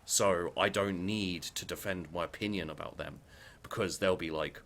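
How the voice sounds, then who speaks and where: A vlogger with a deep, fairly bright voice launches into a heated rant about his opinions at a normal speed. He speaks bluntly, swears frequently, and keeps restarting his sentences.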